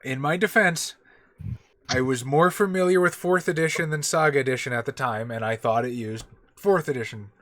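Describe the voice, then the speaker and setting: A man running a tabletop game as game master, talking in a relaxed, loose and sometimes profane way. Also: mid-range voice, moderate pace. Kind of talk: casual chat running a tabletop session.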